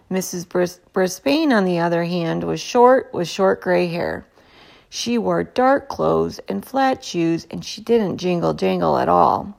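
Gravelly-voiced woman reading a storybook aloud. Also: fairly low pitch. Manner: gentle, expressive read-aloud. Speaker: storybook reader. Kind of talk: reading a children's chapter book aloud.

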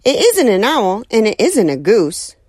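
A woman voicing a flustered neighbor woman in a storybook reading, exclaiming in a shrill, indignant way. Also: huge pitch swings, measured pace, a little mellow, dry recording, studio quality, heavily acted. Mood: alarmed. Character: flustered middle-aged woman neighbor, easily shocked. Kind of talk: audiobook character voice.

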